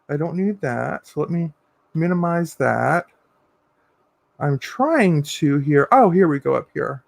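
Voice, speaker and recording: A man hosting a casual livestream, reading viewer comments aloud and answering in a sassy, campy way with drawn-out endearments. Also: a little high, lively intonation, vocal fry, a little mellow, no room sound. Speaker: livestream host.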